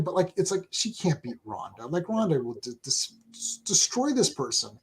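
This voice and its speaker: A man co-hosting a casual chat show, talking excitedly with many restarts and reading viewer comments aloud. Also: fairly high pitch, moderate pace, few pauses, husky. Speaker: co-host.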